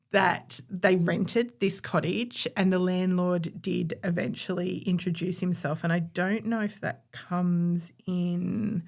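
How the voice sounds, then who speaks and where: Gravelly low-voiced woman. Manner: chatty, conversational, opinionated. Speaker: podcast co-host. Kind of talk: casual storytelling chat.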